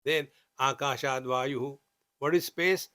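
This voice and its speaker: A man's voice: medium pitch, unhurried, sharp tone, dry recording, clean studio sound. A man with an Indian English accent teaching scripture, chanting Sanskrit verses and explaining them with humor. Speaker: spiritual teacher. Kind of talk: scripture discourse.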